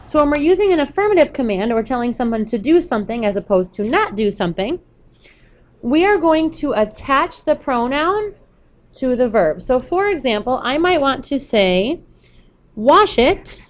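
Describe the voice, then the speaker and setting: A woman's voice: high voice, sing-song, normal speed. Patient woman teacher explaining step by step. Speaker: Spanish teacher. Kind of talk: recorded classroom lesson.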